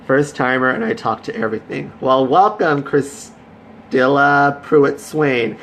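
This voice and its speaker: A man's voice: mid-range voice, measured pace, a bit bright, a little hiss or hum. A man hosting a casual live stream, chatty and effusive, greeting viewers by name and cheering them on. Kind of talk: casual Facebook Live chat.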